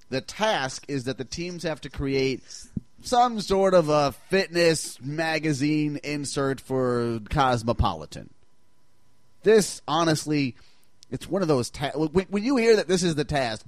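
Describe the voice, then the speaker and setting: A man's voice: a little high, sing-song, unhurried, no echo. A man hosting a podcast in casual chat, playful and mock-enthusiastic, often acting out the scenes he recaps. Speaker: podcast host.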